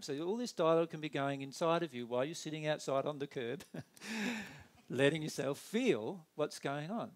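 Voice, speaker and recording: A man giving a conversational spiritual talk, animated and acting out inner dialogue in quick put-on voices. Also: fairly high pitch. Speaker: spiritual teacher.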